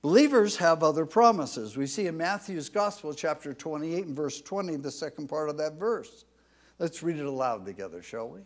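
A man preaching a sermon, swelling to loud, emphatic declarations when he quotes scripture. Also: fairly high pitch, animated, moderate pace. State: tired from little sleep. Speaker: pastor.

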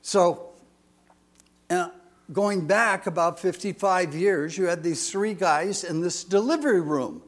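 A man's voice: high voice, slow pace. An older man in his sixties preaching a folksy sermon, chatty and rambling, with jokes and asides.

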